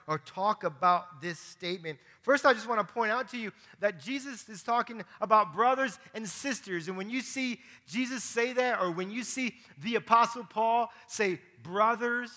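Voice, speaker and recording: A man's voice: high-pitched, sharp tone, long reverb tail. A man preaching a sermon as pastor, in an earnest, emphatic way, often repeating words as he works through a point.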